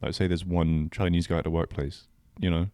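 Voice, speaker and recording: A young man co-hosting a podcast, joking around in a relaxed, rambling way with lots of fillers. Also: low-pitched, brisk, clean tone, dry recording. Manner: laid-back, joking, trails off with fillers. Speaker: podcast co-host. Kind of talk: casual chat.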